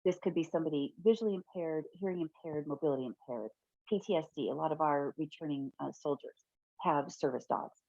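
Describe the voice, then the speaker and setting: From her home office, a middle-aged woman leads an online fair housing training, chatty and quick to laugh, often correcting herself mid-sentence. Her voice sits low with a warm tone and a dry sound. The webinar audio is dull and lo-fi.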